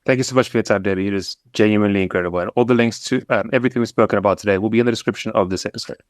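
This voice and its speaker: Male host, deep-ish, fast talker, dry booth sound. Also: no echo. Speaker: podcast host. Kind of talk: casual interview chat.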